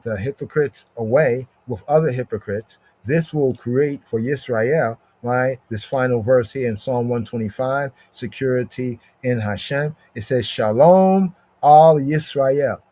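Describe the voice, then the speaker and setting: A man teaching scripture in a slow, deliberate way, repeating phrases and often asking "right?". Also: medium pitch, fairly even intonation, a little mellow. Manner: repetitive, drawn-out recitation with frequent "right?". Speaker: podcast teacher. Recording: slightly dull lo-fi audio.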